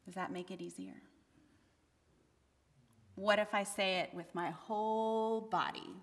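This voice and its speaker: A woman delivers a sermon in a frank, conversational way, now and then pushing hard for emphasis. Her voice is bright and forward. It rings with the long reverb of a church hall. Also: medium pitch, a little slow, pauses often. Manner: candid, conversational preaching with bursts of emphasis. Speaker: pastor. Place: church sanctuary.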